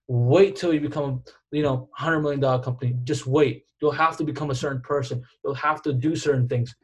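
A man with a somewhat high, husky voice on a casual podcast chat. He talks emphatically, hammers points with repetition and peppers his speech with dude and bro. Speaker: podcast co-host.

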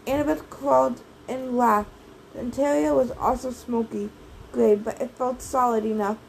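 A woman reading a first-person novel aloud in a brisk, lively storytelling manner. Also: fairly high pitch, creaky, slight background noise, rough recording. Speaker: audiobook reader.

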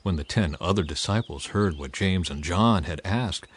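A man giving an expressive, dramatized reading of scripture. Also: sits low, normal speed, husky. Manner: expressive reading with a lively rise and fall. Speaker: scripture reader.

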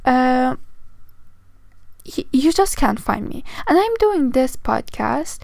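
A woman's voice: high-pitched, very animated, takes it slowly, creaky, a little mellow, dry recording. A woman of twenty with a non-native English accent, hosting a casual solo podcast, tired and rambling with self-mocking asides. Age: 20s. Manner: rambling, self-mocking, with restarts and frequent "okay?". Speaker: podcast host.

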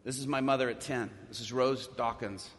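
A man preaching a sermon as a story, swinging from strong, ringing lines down to hushed, near-whispered ones. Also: mid-range voice, steady tone, moderate pace, slight background noise. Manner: dramatic, drops to a hushed near-whisper at emotional points. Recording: echoey hall.

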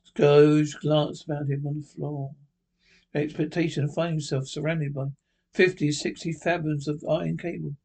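A man reading a classic story aloud, with halting slips and restarts. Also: fairly high pitch, little pitch movement, creaky, a little mellow. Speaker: narrator.

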